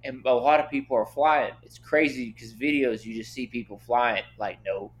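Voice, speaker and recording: A young man, a podcast guest, chatting casually and animatedly, cursing a lot and getting loud when worked up. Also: medium pitch, steady tone, normal speed. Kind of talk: casual chat.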